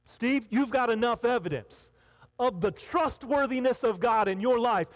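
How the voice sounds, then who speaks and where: With an extremely high-pitched voice at normal speed, a man preaches to a congregation gathered in a hall. He's a pastor, talking animatedly and performing the voices of people in his story.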